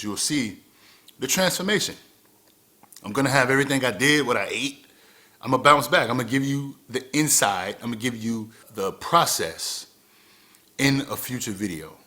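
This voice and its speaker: Man, thirties, vlogger, earnest motivational talk, low voice, repeats lines for emphasis. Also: pushed and bright.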